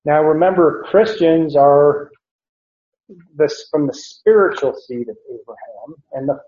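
Male Bible teacher, unhurried and mellow, lo-fi recording. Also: a little high, animated. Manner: slow, deliberate explanation with frequent "uh" and self-corrections. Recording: roomy, dull lo-fi recording.

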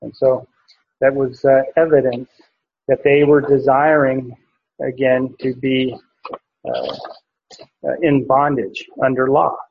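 Slow, husky-voiced male preacher. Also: medium pitch. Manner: unhurried, with frequent fillers and restarts. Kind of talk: verse-by-verse Bible teaching. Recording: dull lo-fi recording.

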